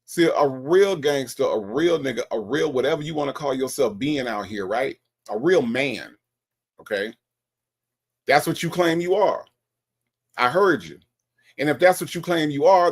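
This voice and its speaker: A man's voice: a little high, creaky. A man giving blunt, scolding commentary in a casual, mocking way. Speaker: commentator reacting to a call recording.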